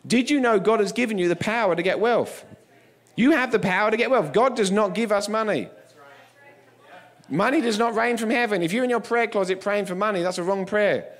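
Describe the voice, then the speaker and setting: A man's voice: high-pitched, fairly quick. A man giving a sermon as a guest preacher, telling humorous stories in an emphatic way.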